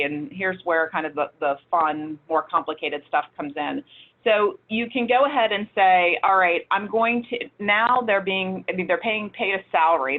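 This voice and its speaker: A woman with a fairly low voice walks listeners through a webinar lesson in a practical, conversational manner, pausing on fillers and restarting phrases. Her audio comes through a thin, phone-like line. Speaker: webinar presenter. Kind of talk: webinar explanation.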